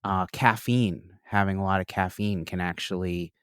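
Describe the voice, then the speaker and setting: Low-voiced man in easygoing chat. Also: fairly even intonation, normal speed, smooth, dry recording, clean studio sound. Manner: easygoing, chimes in with brief agreements and asides. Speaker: podcast producer and co-host. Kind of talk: casual chat.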